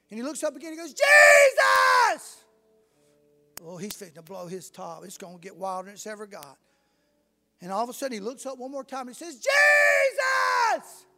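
A man preaching a sermon, telling stories and rising to fervent shouts. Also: very high-pitched, gravelly. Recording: long reverb in a hall.

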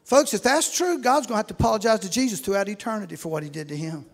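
A middle-aged man preaching a sermon with folksy storytelling, acting out shouting congregants as he goes. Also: sits high, very fast, creaky.

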